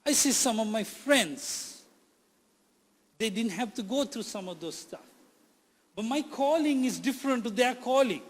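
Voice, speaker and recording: Man preaching with a high voice, emphatic, repeats lines, long echo of a hall. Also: lively intonation, a little slow, pauses often. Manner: emphatic, repeats phrases for effect. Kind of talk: sermon.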